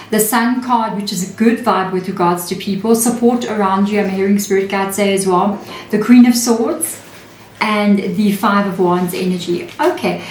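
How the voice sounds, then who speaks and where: A woman's voice: mid-range voice, roomy sound. A woman giving a casual, reassuring tarot reading, chatting to viewers and acting out the people she quotes. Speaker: tarot reader.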